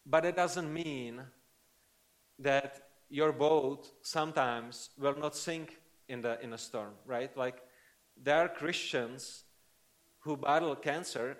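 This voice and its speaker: A man preaching a sermon in an earnest, conversational way, often checking in with the listeners. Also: mid-range voice. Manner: earnest, conversational, frequent tag questions.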